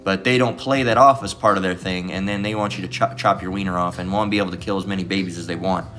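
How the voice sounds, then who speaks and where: A man with a low, slightly bright voice talks quickly and with fairly even intonation over soft background music. Casting himself as a bible teacher, he rambles through casual scripture commentary, swearing freely, wandering off topic, and ending line after line with "all right?".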